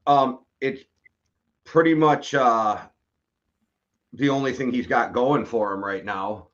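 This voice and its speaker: A man's voice: mid-range voice, slow pace, highs cut off. A man from the United States co-hosting a casual sports podcast, dry and wisecracking. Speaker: podcast co-host.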